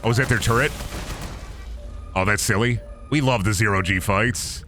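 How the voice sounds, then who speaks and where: A man's voice: on the low side, normal speed, sharp tone, soft background music. A man giving casual, joking, profane commentary to himself while streaming a game.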